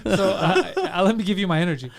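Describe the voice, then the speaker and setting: A man co-hosting a comedy podcast, telling animated stories in casual chat and laughing often. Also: high-pitched, fast. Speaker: comedian co-host.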